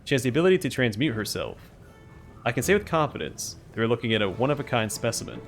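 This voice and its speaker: A man's voice: mid-range voice, very animated, fast talker, soft background music. A man voicing an eager female scholar who admires a monster in a clinical tone. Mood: enthusiastic.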